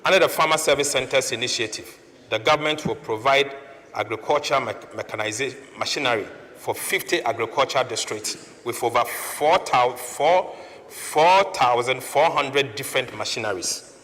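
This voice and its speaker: A man's voice: mid-range voice, normal speed, fairly bright tone, big-room sound. Ghanaian man giving a formal budget speech. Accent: Ghanaian English. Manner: declamatory, addresses the Speaker repeatedly. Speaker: finance minister presenting budget. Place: parliament chamber.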